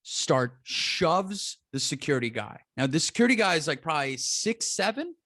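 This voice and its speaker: A man's voice: a little high, sing-song, normal speed, bright, forceful tone, no echo, studio quality. A man telling a story in a casual podcast chat, acting out the people he quotes. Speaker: comedian guest.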